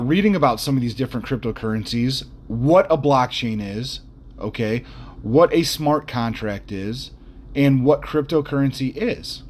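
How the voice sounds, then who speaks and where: A male podcast host talking off the cuff at a middle pitch. He rambles bluntly, restarts sentences and fills pauses with "uh" and "um," with mildly crude jokes along the way. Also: darkish tone. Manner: mildly profane, jokey asides. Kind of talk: unscripted podcast monologue.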